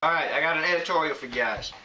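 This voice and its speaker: A man's voice: fairly high pitch, very fast. A man anchoring a mock newscast, reading out items and sign-offs in a casual, jokey way. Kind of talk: mock news presenting. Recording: distant mic with loud hiss.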